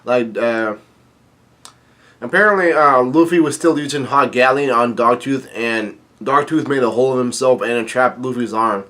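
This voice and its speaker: A man's voice: mid-range voice, moderate pace, a bit bright. A man casually reading through a comic chapter and commenting, with many fillers and restarts. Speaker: manga chapter reader.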